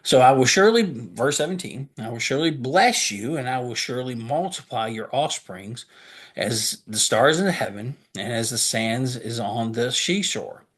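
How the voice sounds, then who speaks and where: A man's voice: medium pitch, lively intonation, normal speed, a bit bright, husky. A man preaching a sermon, reading scripture aloud and stopping to explain it, posing questions and answering them himself. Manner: earnest, reads scripture aloud and stops to explain it. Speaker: pastor.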